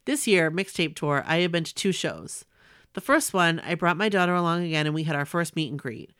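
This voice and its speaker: Woman, 40s, earnest story reader, lower pitch, smooth and clear voice, dry close mic. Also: expressive, fairly quick, a bit bright, dry recording. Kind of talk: reading a personal letter aloud.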